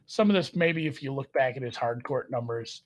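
A man hosting a casual sports betting chat, rambling and poking fun at himself. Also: moderate pace. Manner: rambling, self-mocking, jumps in pitch. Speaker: sports betting podcast host.

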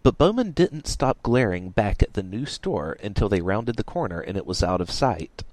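A man reading a story aloud in a wry, lively storytelling manner. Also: on the low side, normal speed, no room sound. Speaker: narrator.

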